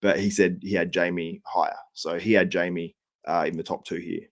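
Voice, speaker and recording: Low-voiced upbeat podcast host. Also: male voice, steady tone. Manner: upbeat, chatty, quick to laugh along. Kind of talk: casual podcast chat.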